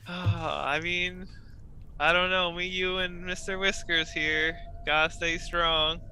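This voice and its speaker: A man's voice: high-pitched, level tone, takes it slowly, pushed and bright, a little hiss or hum, heavily acted. A man voicing a timid, stammering man who dotes on his pet rat, in a tabletop game. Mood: wistful. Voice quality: gravelly, stammering.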